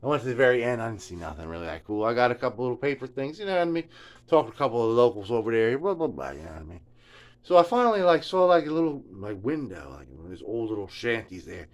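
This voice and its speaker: A man's voice: medium pitch, very animated, fast talker. A middle-aged man telling a rambling, casual story in his home workshop. He stammers and mutters, often trailing off into near whispers. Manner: stammering, mumbling, drops to near whispers, lots of filler. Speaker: guitar repair vlogger. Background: furnace.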